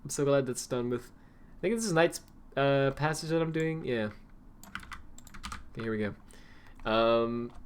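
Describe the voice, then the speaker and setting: A man's voice: mid-range voice, clean tone. A young man streaming a video game, chatting casually with lots of fillers and restarts as he plays. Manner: rambling, filler-heavy, self-correcting. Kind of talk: casual gameplay commentary.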